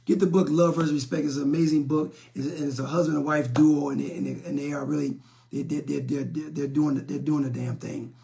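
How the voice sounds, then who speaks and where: A middle-aged man, hosting a live relationship talk stream. His voice is fairly high for a man, with a gravelly rasp. He speaks bluntly and preaches, often repeating words and stumbling over them. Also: little pitch movement, fairly quick, dark tone. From South Side of Chicago, USA. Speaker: relationship talk show host. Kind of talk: live-stream talk, reading and answering viewer comments.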